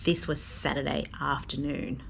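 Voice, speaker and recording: A woman's voice: low-pitched, level tone, moderate pace, creaky, a little hiss or hum. A woman vlogging casually from a hotel room, chatty and venting with plenty of fillers, recorded on a phone or camera mic. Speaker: vlogger and mother. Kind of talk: casual vlog chat to camera.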